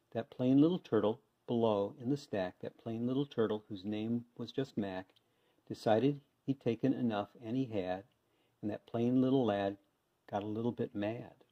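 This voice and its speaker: A man reading a children's picture book aloud with lively, expressive delivery, on a dull lo-fi recording. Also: mid-range voice, moderate pace. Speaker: reader. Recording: dull lo-fi sound.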